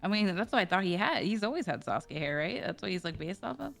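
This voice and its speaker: A woman guest streamer in casual chat, giving supportive, quick reactions. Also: mid-range voice, big pitch swings, creaky, fairly bright tone, faint music behind.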